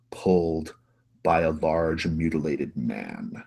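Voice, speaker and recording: Very deep, gravelly-voiced game master. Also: male voice, big pitch swings, unhurried, long pauses, a little mellow. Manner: rambling with many "like"s and restarts. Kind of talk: narrating a tabletop game.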